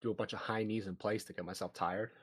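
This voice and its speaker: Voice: mid-range voice, steady tone, fast, husky. A player chatting at a tabletop game, joking and apologetic. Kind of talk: casual tabletop game chat.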